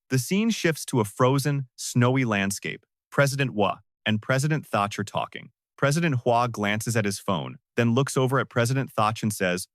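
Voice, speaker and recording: Brief: male recap narrator, mid-pitched, very dry close sound. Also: lively intonation, moderate pace, hardly any pauses, a bit bright, no room sound. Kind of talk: scripted story recap narration.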